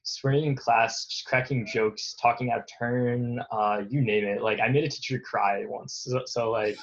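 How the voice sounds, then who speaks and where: A man's voice: mid-range voice, steady tone, moderate pace, dull audio. A young man casually recalling his school days in an interview, rambling and self-deprecating, often laughing at himself. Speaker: guest.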